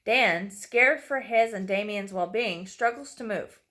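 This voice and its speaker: Woman narrating a dark horror story. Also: mid-range voice, a little slow. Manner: reads with occasional slips and apologies.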